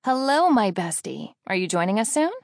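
A woman voicing a bubbly, excited best friend who is loud, gushing and teasing, in an audiobook. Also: medium pitch, normal speed, no echo, studio quality, voice pushed up. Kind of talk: audiobook character voice.

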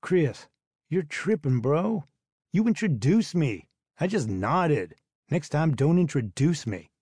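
A man's voice: a little high, very animated, slow pace, a little mellow, breathy edge, dry recording, clean studio sound, voice pushed up, full character voice. A man voicing an irritated, lanky teenage boy. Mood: annoyed.

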